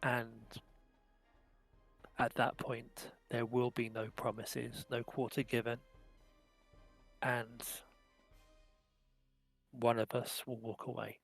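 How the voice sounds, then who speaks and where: A man voicing a grave male adventurer who quietly warns a rival, measured and solemn. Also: medium pitch, completely flat delivery, gravelly, slightly rough, soft background music, exaggerated voice.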